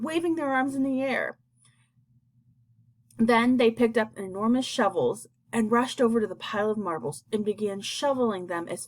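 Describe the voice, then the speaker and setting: A woman reading a children's book aloud in a steady, expressive storytelling manner. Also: medium pitch. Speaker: audiobook reader. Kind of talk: audiobook narration.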